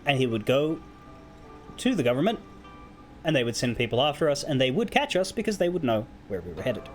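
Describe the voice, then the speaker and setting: A man doing a coldly calm ruthless warlord. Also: medium pitch, brisk, faint music behind, lightly acted. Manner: flat, curt, matter-of-fact.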